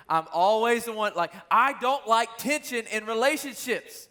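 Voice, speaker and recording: A young man giving a casual, animated youth sermon, telling stories and asking the listeners questions. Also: very high-pitched, moderate pace, hardly any pauses. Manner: animated storytelling, talks straight to the crowd. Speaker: youth pastor.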